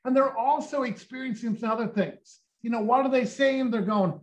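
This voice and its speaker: A man in his sixties giving an energetic sales pitch on a video call, firing off rhetorical questions and acting out quotes. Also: moderate pace, low-quality recording. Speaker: company co-founder presenting.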